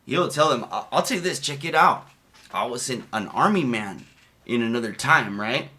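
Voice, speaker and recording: A man riffing over a video in a bright, forceful voice, swearing freely and wandering off into stories. He laughs his way through the telling, his talk loose and casual. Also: mid-range voice, animated, normal speed. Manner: profane, laughing, loose storytelling. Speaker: streamer commenting on a video. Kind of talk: casual, rambling commentary.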